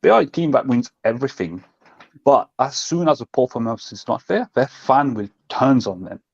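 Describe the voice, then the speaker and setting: A man's voice: medium pitch, lively intonation, moderate pace, creaky, husky, no room sound, lo-fi sound. A man co-hosting a football fan show, talking passionately and emphatically in casual chat and acting out what others say. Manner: passionate, emphatic, acts out quotes.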